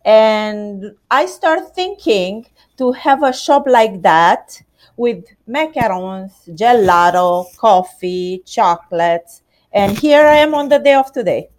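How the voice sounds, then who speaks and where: Slow-speaking Romanian-accented woman. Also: mid-range voice, animated. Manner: non-native phrasing, many hesitations. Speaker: macaron shop owner. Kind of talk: interview answers.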